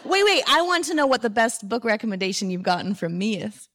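A woman host chatting casually, telling stories in a lively way and laughing as she talks. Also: a little high, brisk. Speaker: podcast host. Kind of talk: casual conversation before a live audience.

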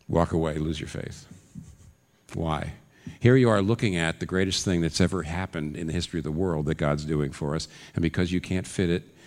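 A man with a very low voice preaches a sermon in an earnest, searching way. His voice rises into pressing questions. The sound carries a long hall reverb. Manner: earnest, rising to urgent questions. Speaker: pastor.

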